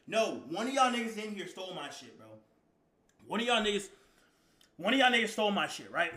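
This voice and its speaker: High-voiced streamer man, swearing and rambling. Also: big pitch swings, a little fast, reverberant. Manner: profane, slang-heavy, rambling, bursts into shouting. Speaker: live streamer. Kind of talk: casual storytelling to stream chat.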